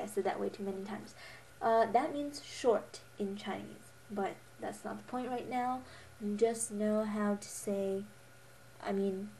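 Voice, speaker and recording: A woman's voice: mid-range voice, dark tone, a little hiss or hum. A young woman teaching a beginner Mandarin lesson, patiently modelling each tone with repeats and correcting herself with a little laugh. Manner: self-correcting, a little giggly.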